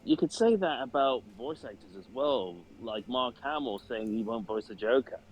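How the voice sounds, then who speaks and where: Lively wry male panelist. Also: mid-range voice, moderate pace, muffled recording, a little hiss or hum. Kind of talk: casual panel chat.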